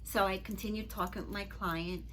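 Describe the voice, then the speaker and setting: A middle-aged woman and Reiki master telling personal stories to camera in an earnest, gentle, chatty way. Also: medium pitch, steady tone, normal speed, a little hiss or hum. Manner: earnest, gentle, chatty with frequent "you know". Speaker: Reiki master and spiritual teacher.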